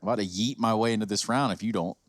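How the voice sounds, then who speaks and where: A man's voice: fairly low pitch, racing, slight background noise. A man with a Southern US accent hosting an esports broadcast, upbeat and playful in his banter. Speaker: esports host. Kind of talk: broadcast commentary. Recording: commentary over music. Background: music.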